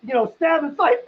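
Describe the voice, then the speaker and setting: Man, very high voice, rambling comic storyteller, crude jokes, excitable, dull lo-fi recording. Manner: rambling, filler-heavy, crude jokes, swings into loud excited outbursts. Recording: dull lo-fi sound.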